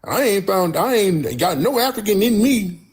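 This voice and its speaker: A man's voice: high voice, lively intonation, normal speed, husky, voice pushed up, heavily acted. A man putting on a mocking voice of an indignant caller claiming tribal roots. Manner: mocking, exaggerated impression.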